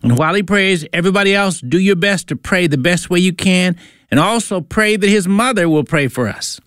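A male storyteller voices a submarine captain addressing his crew, commanding and measured. The voice is a little high and dry, close to the mic. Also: expressive, fairly bright tone, smooth, no echo.

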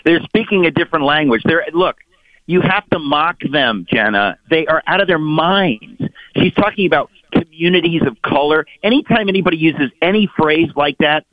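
A middle-aged man, a guest author on a radio talk show, speaking in an emphatic, mocking and animated way. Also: on the high side, moderate pace, no echo. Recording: tinny phone-line sound.

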